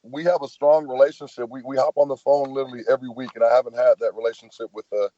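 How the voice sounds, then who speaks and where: A relaxed man with a Southern US accent talks through stories as a podcast guest, dropping "man" and "you know" as he goes. His voice is mellow and dark. The audio is dry and a little dull. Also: medium pitch, fast talker, no echo. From American South. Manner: laid-back, storytelling, says "man" often. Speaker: football player guest. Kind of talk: casual podcast chat.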